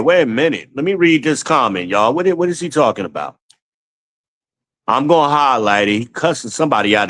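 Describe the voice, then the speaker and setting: Casual livestream host, a man. Loose, profane and animated, mid-pitched voice. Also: fairly quick, rough recording. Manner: profane, animated, laughs often, talks to chat as y'all. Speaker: livestream host reading chat.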